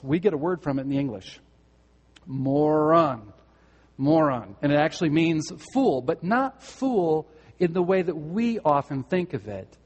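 A man's voice: mid-range voice, darkish tone, slightly rough, long reverb tail. A man preaching a sermon, earnest and direct, putting questions to his listeners and repeating words as he goes. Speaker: pastor.

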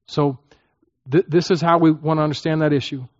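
A man's voice: fairly high pitch, steady tone, fairly quick, no room sound, dull audio. A man as a pastor preaching a conversational sermon, often checking in with the listeners and acting out prayers. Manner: conversational teaching, frequent "okay?" check-ins, acts out prayers.

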